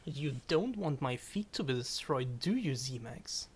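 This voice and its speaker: A woman's voice: rumbling low, animated, measured pace, a little mellow, slightly rough. Giggly, stammering woman streamer. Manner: giggly, stammers and restarts often; self-deprecating, swears when startled. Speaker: game streamer. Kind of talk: casual live-stream chat. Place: at home.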